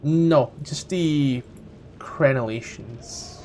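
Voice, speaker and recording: A man at mid pitch runs a tabletop game as game master. He explains rules and rulings in an easygoing, chatty way. A faint hiss sits under his voice. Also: very slow. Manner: relaxed, explaining rules between laughs.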